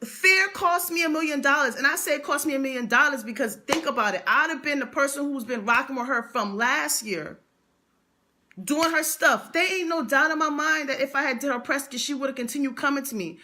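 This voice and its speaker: A woman's voice: high voice, fairly quick, bright, forceful tone. A young adult woman speaking, telling a motivational story with emphatic repetition and slang. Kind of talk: motivational vlog monologue.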